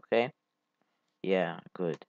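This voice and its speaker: A man giving casual, halting gameplay commentary as a channel host. He rambles and swears casually as he plays. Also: deep voice, darkish tone, no echo. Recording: dull lo-fi mic.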